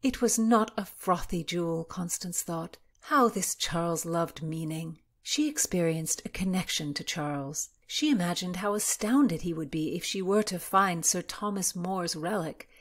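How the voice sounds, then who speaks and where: A woman reading historical fiction aloud in a measured, expressive narration. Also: fairly low pitch.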